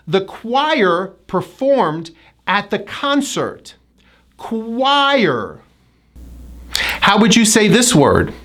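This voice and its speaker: A woman with an American accent teaching pronunciation, drawing out each sound and repeating words carefully. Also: on the low side. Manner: slow, exaggerated enunciation with drilled repetitions. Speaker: pronunciation coach. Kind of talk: pronunciation lesson.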